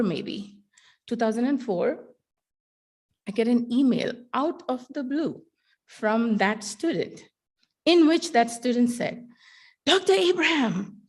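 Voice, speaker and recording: A middle-aged woman giving a keynote talk, a teacher telling a story with wry humor and dramatic pauses. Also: fairly high pitch, a little mellow.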